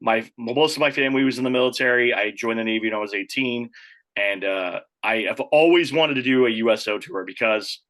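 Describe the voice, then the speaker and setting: A man with a bright, forward voice talks in a loose, casual way. He rambles a little, with fillers and restarts, like a host chatting with a guest. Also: medium pitch, brisk, low-quality recording. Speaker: podcast host. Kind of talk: casual chat.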